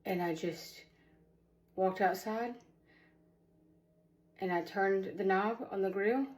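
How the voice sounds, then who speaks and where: A woman's voice: mid-range voice, takes it slowly, darkish tone. A woman vlogging casually while shaken and in shock, talking in a rambling way with nervous laughs. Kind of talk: casual vlog.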